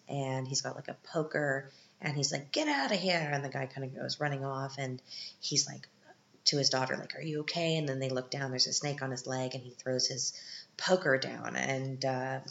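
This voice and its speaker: A woman's voice: a bass voice, flat delivery, moderate pace, vocal fry, fairly bright tone, a little hiss or hum. A woman hosting a podcast, recapping a film in a casual, chatty way with joking asides. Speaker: podcast host. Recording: roomy, dull lo-fi sound.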